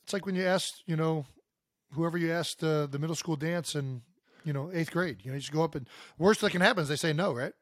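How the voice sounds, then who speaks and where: This man from Ohio has a fairly high voice for a man and talks bluntly, needling his co-host with good-natured teasing. The sound is dry and close, with no echo at all. He is in his thirties and chats casually on a sports podcast. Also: fast.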